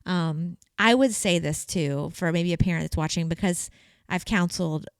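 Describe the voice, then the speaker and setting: A middle-aged woman co-hosting a podcast, speaking earnestly and gently in casual conversation. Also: on the low side, normal speed, smooth, no echo. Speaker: podcast co-host.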